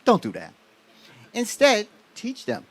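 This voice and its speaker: A man's voice: high voice, huge pitch swings, takes it slowly, no echo. A man giving a motivational business talk on stage, asking the audience questions. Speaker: business speaker.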